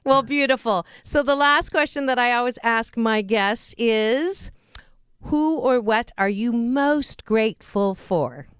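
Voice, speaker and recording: A woman's voice: fairly high pitch, takes it slowly, fairly bright tone, clean tone, dry recording, clean studio sound. A middle-aged woman hosting a radio interview, chatty, laughing at herself and restarting sentences. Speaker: host.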